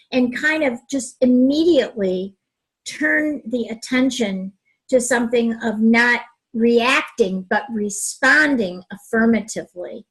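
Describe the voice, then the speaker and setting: A woman co-hosting a relationship advice talk, speaking in a calm, gentle way. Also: a little high, a little slow, husky, rough recording. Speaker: relationship coach, co-host.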